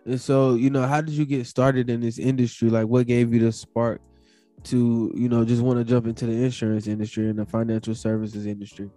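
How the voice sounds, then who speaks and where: A man hosts a podcast interview, asking relaxed questions full of fillers. His tone is warm and mellow, recorded dry and close. Faint guitar music sits underneath. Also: mid-range voice, fairly quick, dry recording. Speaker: podcast host.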